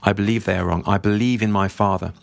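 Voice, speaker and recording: A man reading out the lines of a defiant young brother from a novel, a bit higher than his own voice. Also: fairly even intonation, quick pace, vocal fry, dry recording. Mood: stubborn. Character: young adult male brother, stubborn and defiant.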